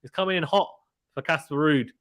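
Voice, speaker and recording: A young British man giving casual live play-by-play of a tennis match, chatty and quick to laugh, reading viewer comments aloud. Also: a little high, fairly bright tone.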